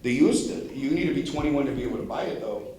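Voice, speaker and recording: A man's voice: mid-range voice, expressive, fast, darkish tone. Man presenting in an echoey room. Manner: storytelling, acting out quoted speech. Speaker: drug prevention presenter. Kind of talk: informal school presentation. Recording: strong room echo.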